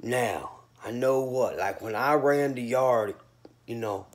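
A man's voice: mid-range voice, takes it slowly. A man from North Carolina talking casually to camera as a vlogger, boastful and rambling in street slang, a little sleepy.

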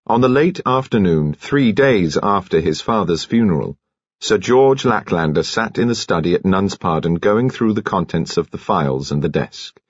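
A man reads a mystery novel aloud in a measured, expressive way. His voice is low and husky, with lively intonation, and the recording is dry and a little muffled. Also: no room sound. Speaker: audiobook narrator. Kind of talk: scripted narration of a mystery novel.

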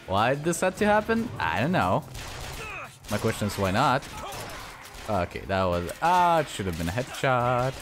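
A man talks through a shooter game, his voice leaping around from mutters to high, frustrated yells. He swears freely, and game music plays behind him. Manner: excitable, swearing, yelling at enemies. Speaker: gaming channel host. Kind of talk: let's play commentary.

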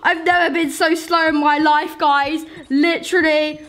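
Woman, high voice, unhurried, chatty let's-play commentary, excitable, talks to viewers. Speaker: gaming YouTuber.

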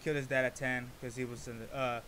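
A man casually reacting to a rap song, rambling through explanations and breaking into excited interjections. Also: medium pitch, quick pace, very noisy.

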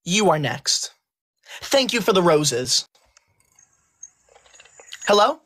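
A woman on a livestream playing a prim, rule-obsessed teacher's pet student who scolds in a stiff, formal, deliberate way. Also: fairly low pitch, sing-song, a bit bright, heavily acted. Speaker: livestream host. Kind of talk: comic role-play on a livestream.

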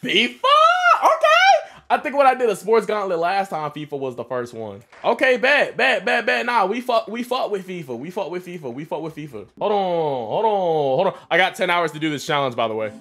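Young male gaming streamer, slightly high and very lively voice, excitable and profane. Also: a little fast, few pauses. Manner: excitable, swears a lot, yells at plays. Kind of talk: casual gaming commentary.

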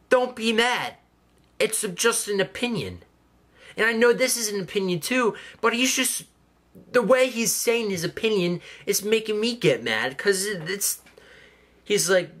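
A man's voice: high-pitched, fairly bright tone. A man hosting a reaction video, talking casually in a sarcastic, mocking way and swearing freely.

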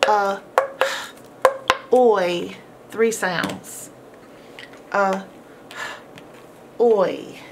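Very slow, encouraging phonics teacher woman. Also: mid-range voice, fairly even intonation, noisy background. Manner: sounds out words slowly, repeating each sound; encouraging, praising the listener. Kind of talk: slow, drawn-out phonics lesson.

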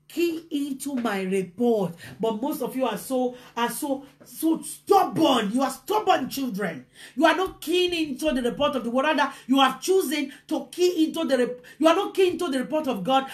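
A woman preaching a motivational sermon, impassioned, swinging from shouted bursts to hushed low lines.

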